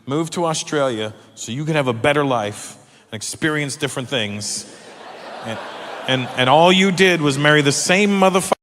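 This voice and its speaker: This stand-up comic works the crowd brashly, teasing people in a big live venue while the audience laughs loudly and makes noise. His voice is on the high side with lively intonation at a moderate pace.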